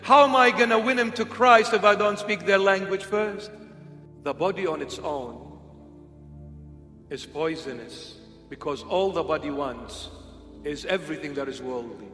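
A man's voice: fairly high pitch, a little slow, pushed and bright. A man preaching a humorous, conversational sermon, slipping into playful impressions. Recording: echoey hall with faint music.

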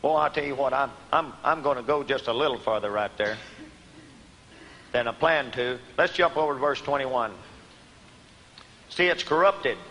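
A man preaching a sermon, asking his listeners questions and answering them himself, swinging from emphatic outbursts to quiet, low asides. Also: moderate pace. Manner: rising to emphatic shouts on key words, then dropping low. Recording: long hall reverb.

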